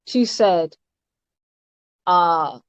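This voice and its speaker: A woman giving an informal doctrinal teaching. She is emphatic and halting, with many fillers and repeated words, and often ends her points with "all right?". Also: lowish voice, animated, clean tone, no room sound. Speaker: spiritual teacher. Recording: dull, lo-fi, dry recording.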